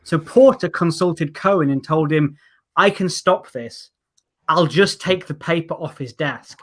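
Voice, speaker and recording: A young man on a remote call, telling jokes in a casual chat and mocking himself with deadpan asides. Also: on the high side, measured pace. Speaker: comedian guest. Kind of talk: casual chat with comic bits.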